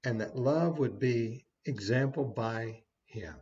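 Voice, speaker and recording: A man's voice: mid-range voice, slow, a little mellow, muffled recording. A man giving a short devotional sermon as a preacher, folksy and conversational with small asides.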